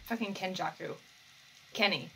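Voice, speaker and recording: A woman's voice: medium pitch, normal speed, creaky, slight background noise, low-quality recording. A woman doing anime reaction commentary as a YouTuber, talking back to the screen, swearing and pleading with the characters.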